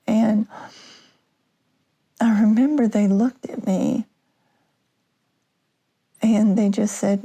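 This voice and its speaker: Female podcast host, slow and halting storyteller, dark gravelly tone. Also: medium pitch. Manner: halting, many restarts and fillers. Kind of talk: personal storytelling.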